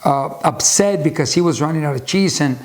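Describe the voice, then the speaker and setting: A man's voice: fairly high pitch, a little fast. A man hosting a video channel, talking casually and rambling through a book recommendation with many restarts and side stories. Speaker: YouTube host discussing a book. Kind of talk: casual unscripted talk.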